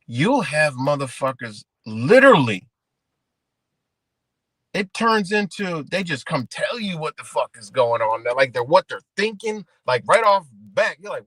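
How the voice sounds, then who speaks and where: A man hosting a livestream, ranting in a rambling, profane, animated way and calling his viewers guys. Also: on the high side, moderate pace, no room sound. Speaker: livestream host. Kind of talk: casual livestream rant.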